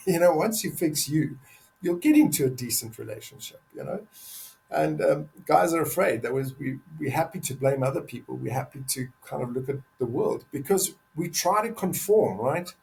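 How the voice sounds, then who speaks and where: Emphatic older man with a gravelly voice. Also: fairly high pitch, animated, moderate pace, a little mellow, rough recording. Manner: earnest, emphatic, repeats words for stress. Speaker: podcast guest, men's advocate. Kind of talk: candid conversational interview.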